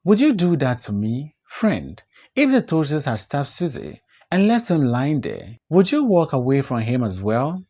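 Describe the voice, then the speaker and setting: A man plays a desperate grown man in an audiobook drama. He pleads and protests with wide swings of pitch. His delivery is slow and weighted. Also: wildly swooping pitch, dark tone, full character voice. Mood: anguished. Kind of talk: audiobook play reading.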